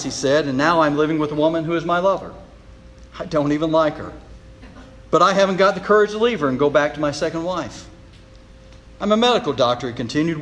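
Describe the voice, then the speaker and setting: A man's voice: on the high side, fairly bright tone, natural voice. A male preacher voicing a troubled doctor, a man who earnestly confesses his despair and seeks help. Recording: long reverb of a large hall.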